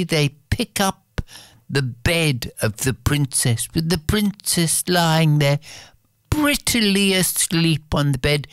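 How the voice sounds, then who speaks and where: A woman telling a fairy tale aloud in a slow, dramatic way, speaking directly to her listeners. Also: low voice, smooth, no echo, studio quality. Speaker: storyteller. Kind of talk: oral fairy-tale storytelling.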